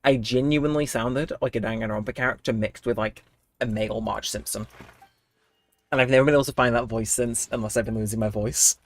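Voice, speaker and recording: His voice is mid-range and steady, and he speaks a little fast. He's a young man starting to catch a cold, casually rambling to his live-stream chat during a game and laughing frequently.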